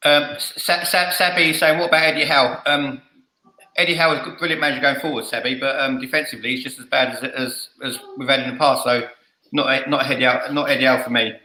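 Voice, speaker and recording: Bright, blunt man in echoey room. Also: mid-range voice, fairly even intonation, fairly quick. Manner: jokey, blunt, stammers. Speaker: fan show host. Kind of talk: casual podcast debate. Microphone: headphones and studio mic.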